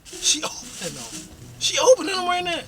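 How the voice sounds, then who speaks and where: A man's voice: extremely high pitch, sing-song, normal speed, a bit bright, slight background noise. A young man hosting a casual couple vlog from inside a car, talking in an incredulous, exasperated, teasing way. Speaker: vlog host, fiancé. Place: inside a car while driving.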